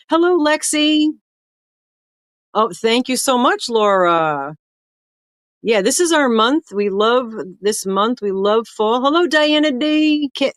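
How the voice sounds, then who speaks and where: A woman's voice: on the high side, no echo, clean studio sound. An older woman, hosting a casual livestream and chattily greeting viewers one by one by name. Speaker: livestream host.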